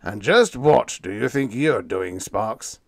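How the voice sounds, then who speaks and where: A man voicing a gruff older male spaceship captain who roars and rasps in exasperation. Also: fairly low pitch, lively intonation, slow pace, no room sound, studio quality, exaggerated voice. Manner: roaring, rasping, exasperated.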